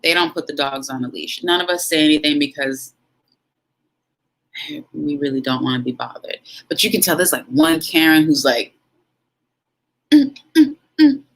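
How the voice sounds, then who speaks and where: A young adult woman vlogger telling a story casually to camera, frank and animated, with dramatic pauses and asides to her viewers. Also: low-pitched, rough recording.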